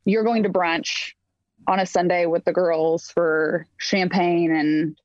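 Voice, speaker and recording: A chatty woman with a fairly low voice joins a podcast as a guest over a video call, rambling loosely through her answers. The sound is dull and dry, with the muffled top end of a call. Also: fairly even intonation, takes it slowly, a little mellow, dry recording. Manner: chatty, many "like" fillers. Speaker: guest, fashion designer. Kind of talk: casual interview.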